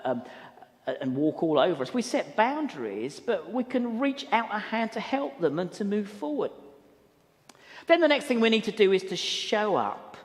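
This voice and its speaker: A man preaching a sermon in a church hall, telling a story earnestly and often repeating words as he goes. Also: sits high. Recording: long hall reverb.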